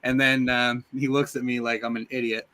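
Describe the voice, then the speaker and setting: Bright, eager male podcast host. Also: medium pitch, level tone, brisk. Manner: eager, rambling retelling of scenes. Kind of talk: casual chat about a film.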